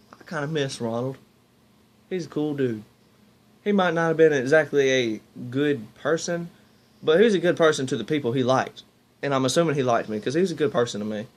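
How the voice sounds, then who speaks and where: A young man, casually telling rambling stories to his viewers. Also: medium pitch. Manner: rambling, restarts, talks to viewers as "y'all". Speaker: vlogger. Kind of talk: casual storytelling to camera.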